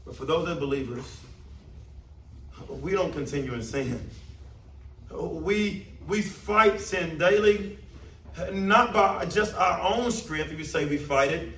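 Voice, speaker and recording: Male pastor mid-sermon, higher voice, emphatic and repetitive, picked up from a distance. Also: expressive, takes it slowly, fairly bright tone. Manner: emphatic, repeats phrases for stress. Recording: roomy, distant mic, faint ambience.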